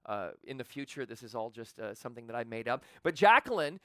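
A man's voice: mid-range voice, steady tone, fast, clean tone, no echo, clean studio sound. A man preaching a sermon as pastor, talking conversationally with rhetorical questions. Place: church.

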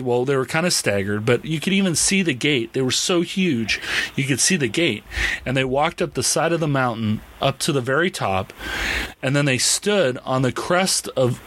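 A man hosting a podcast, talking in a casual, excitable way and leaning on "I mean" and "like". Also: medium pitch. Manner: excitable storyteller, lots of "I mean, like". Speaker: podcast host. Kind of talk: casual interview chat.

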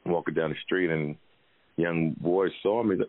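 Deep-voiced man telling stories over a tinny line. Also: a little fast, no echo. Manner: loose, profane storytelling with animated quoted voices. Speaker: podcast host, comedian. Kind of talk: casual podcast chat. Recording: tinny phone-like sound.

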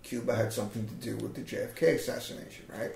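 A man's voice: fairly low pitch, steady tone, fast, vocal fry, darkish tone, slight background noise. A man joking in sarcastic, mock-conspiratorial banter, often swearing as he co-hosts a comedy podcast. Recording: roomy echo.

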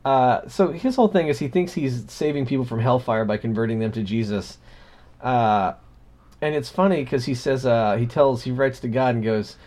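A man co-hosting a casual podcast chat, telling stories with animated, sardonic and irreverent energy. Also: mid-range voice, moderate pace. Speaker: podcast co-host.

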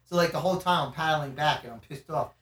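A man with a slightly high voice tells stories at full tilt, swearing freely and breaking into laughter. He sits back from the mic, and the room rings with echo around him. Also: quick pace, far from the mic, slight background noise. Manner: animated, profane, laughs while telling stories. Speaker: podcast guest. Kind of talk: casual chat, storytelling. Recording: echoey room, a bit away from the mic.

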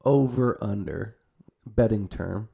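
A man's voice: fairly low pitch, takes it slowly, gravelly, warm tone, slightly rough. A young man telling a long family story in casual, rambling speech full of "like" and restarts. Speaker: storyteller recounting a family visit.

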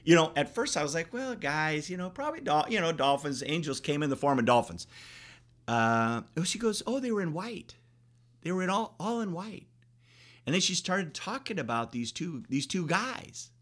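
A man's voice: medium pitch, sharp tone. A man telling a personal story in an interview, earnest and rambling with many restarts. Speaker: interviewee, father.

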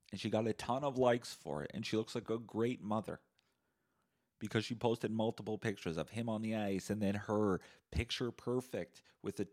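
A man's voice: lowish voice, darkish tone. A man from Canada hosting a solo podcast, ranting in a profane, sarcastic way. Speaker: podcast host.

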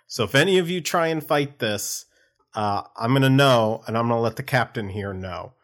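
A man's voice: medium pitch, animated, moderate pace, fairly bright tone. A man playing a tabletop role-playing game, talking casually and laying out his plan. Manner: casual, explaining rules. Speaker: player.

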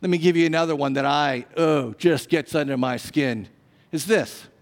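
A man preaching a sermon as a pastor, swinging from booming lines to hushed ones and tossing humorous asides to the congregation. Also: normal speed. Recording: long hall reverb.

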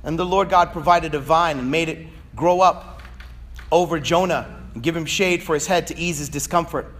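A man preaching a sermon, swinging between fervent shouting and quiet, conversational asides. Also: a little high, moderate pace. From Virginia, USA. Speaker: pastor.

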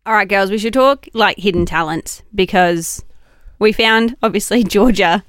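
A young woman co-hosting a podcast, telling stories in a playful, animated way. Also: medium pitch, moderate pace, loud music behind the voice. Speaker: podcast co-host. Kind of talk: casual chat.

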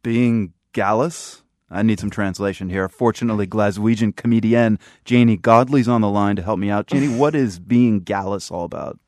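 A man with a low voice hosts a radio interview. The sound is dry and close to the mic, and he asks his questions with curious, playful ease. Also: fairly quick, few pauses, a little mellow, dry recording. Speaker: radio podcast host.

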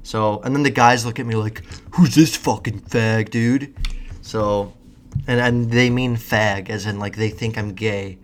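A nineteen-year-old man rambling casually to viewers, answering questions with lots of swearing and animated rants. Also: fairly low pitch, normal speed, a little hiss or hum. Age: young adult. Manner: profane, animated, self-deprecating rants.

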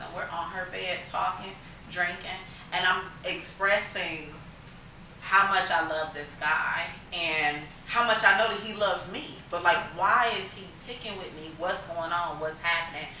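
A woman's voice: on the low side, pushed and bright, slight background noise. A young woman telling a personal story in a casual, emphatic, slangy chat. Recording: echoey room, mic at a distance.

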